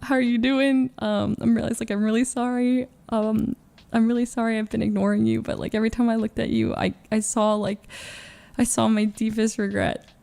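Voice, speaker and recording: A young woman streamer talking candidly to her viewers in halting, filler-heavy speech, with frequent restarts and nervous laughs. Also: fairly high pitch, little pitch movement, gravelly, mellow. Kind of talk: candid confessional livestream talk.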